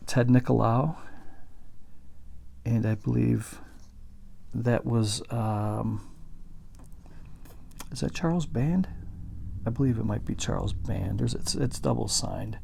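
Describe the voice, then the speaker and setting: A man's voice: fairly low pitch, slow pace, creaky, long pauses, mellow, slight background noise. A man casually showing off his signed movie collection, rambling and correcting himself as he goes. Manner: rambling, self-correcting, chatty. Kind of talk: casual show-and-tell.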